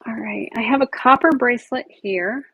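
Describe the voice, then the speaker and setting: At a moderate pace, a woman with a husky, fairly high voice chats casually while selling jewelry in a live online auction, describing each piece she picks up. There's no echo, and the highs are cut off.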